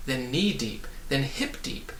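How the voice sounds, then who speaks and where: A man reading a children's book aloud, his narration lively and expressive. His voice is bright and crisp, and the echoey room he records in gives it a noticeable ring. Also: mid-range voice, slow, slight background noise. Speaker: reader. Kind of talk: storybook read-aloud.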